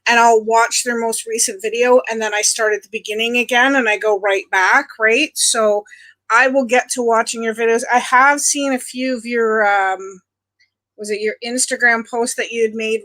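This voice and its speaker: Chatty middle-aged lady from ontario on a livestream, kinda high bright voice, greeting everyone by nickname. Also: fairly even intonation, normal speed. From Canada (Ontario). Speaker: livestream host. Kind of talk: casual chat with live viewers.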